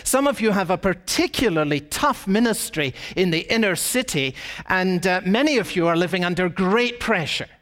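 A male pastor delivering a sermon in a church, his voice swinging up and down with lively expression. He tells stories and leans on rhetorical questions, slowing down to stress key phrases. The sound carries a long, echoing reverb from the church. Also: high voice. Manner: storytelling preacher, rhetorical questions, emphatic slowed phrases.

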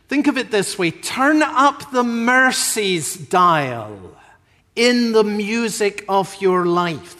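A man delivers a sermon in a high voice, taking his time over each phrase. His delivery is measured, lifting into emphatic peaks now and then. The sound carries the long reverb of a large hall. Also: a bit bright. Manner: slow, measured preaching with emphatic rises. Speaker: preacher.

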